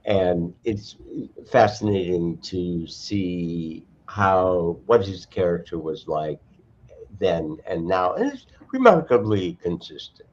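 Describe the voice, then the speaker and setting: An older man talks in a slow, halting way, pausing to find his words. His voice sits very low. The audio has the dull, muffled sound of a lo-fi video call. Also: very animated, a little mellow. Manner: halting, thoughtful, frequent restarts. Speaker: cultural historian and archivist guest. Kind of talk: casual online conversation.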